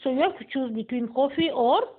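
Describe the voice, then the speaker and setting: A woman's voice: sits high, expressive, slightly rough. Woman teaching on a tinny line. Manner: slow, deliberate, stresses example sentences. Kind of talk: classroom lesson. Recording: tinny phone-like sound.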